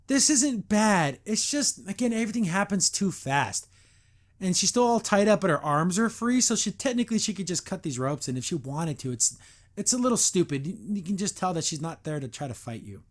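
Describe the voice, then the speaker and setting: A man hosting a podcast, reviewing a cartoon episode in a casual, animated, digressive way with mock exasperation. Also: high voice, a little fast. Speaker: podcast host.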